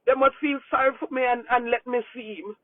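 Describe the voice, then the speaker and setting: A woman pastor, crying as she talks, gives a halting, emotional update to her congregation from a moving car, repeating herself and asking for prayer. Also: a little high, steady tone, no echo. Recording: tinny phone-like, dry sound.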